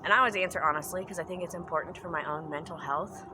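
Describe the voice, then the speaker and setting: A woman's voice: lowish voice, fast talker, noisy background. A woman giving a casual spoken reflection as a pagan spiritual vlogger at home, earnest and rambling, repeating phrases for emphasis and trailing off into asides. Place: home basement room.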